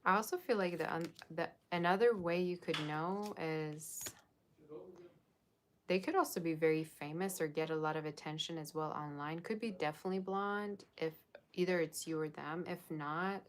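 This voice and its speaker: A woman with a low voice talks her viewers through a tarot spread. She is chatty and casual, drops slang and fillers, and thinks out loud as she goes. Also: a little hiss or hum. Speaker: tarot reader.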